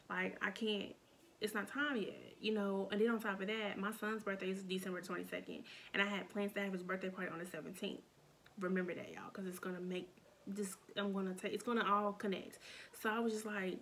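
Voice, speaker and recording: A young woman telling a painful personal story in a halting, emotional way, with many restarts and fillers. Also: medium pitch, steady tone, fairly bright tone, slight background noise. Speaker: storytime vlogger.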